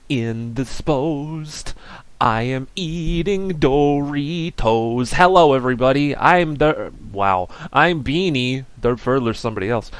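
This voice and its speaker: Brief: a man voicing a cheerful show-off bean character, slow and goofy, clean and dry. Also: medium pitch, fairly bright tone, smooth, dry recording, voice pushed up. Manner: silly, rambling, self-mocking ad patter. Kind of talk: comedy sketch, break-screen video.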